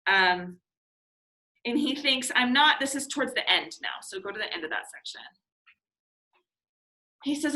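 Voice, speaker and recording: Bright-voiced young woman teaching literature. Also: on the high side, animated, moderate pace, pauses often, low-quality recording. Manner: chatty, laughs often, frequent fillers. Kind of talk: class discussion lecture.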